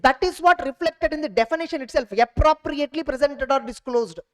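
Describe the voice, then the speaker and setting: Woman teacher, high voice, rapid revision lecture, keeps asking if you follow. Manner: drilling, keeps checking understanding with quick questions.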